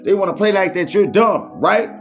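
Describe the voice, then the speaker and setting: A man's voice: sits high, animated, normal speed, over music. A man giving a faith-based motivational monologue, repetitive and preachy, full of street slang. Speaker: motivational speaker. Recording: muffled lo-fi recording.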